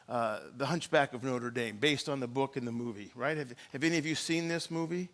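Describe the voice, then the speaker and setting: A man's voice: medium pitch, fairly quick, fairly bright tone. A man preaching a sermon in a church, telling the story and acting out the quoted lines. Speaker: pastor.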